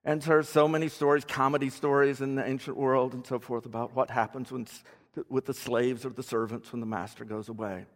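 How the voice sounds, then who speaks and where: At a fairly quick pace and level tone, this medium-pitched male preacher teaches conversationally. He explains terms and poses questions to the congregation, and the hall's reverb lingers long.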